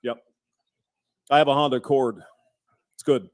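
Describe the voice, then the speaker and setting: A man's voice: mid-range voice, fairly even intonation, normal speed, no echo. A man hosting a casual panel chat, joking and teasing the guests and laughing often.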